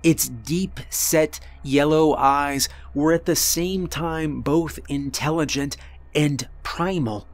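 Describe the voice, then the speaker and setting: Slow, deliberate male horror narrator. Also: a little high. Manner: deliberate, earnest storytelling with dramatic pauses. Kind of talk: first-person horror story narration.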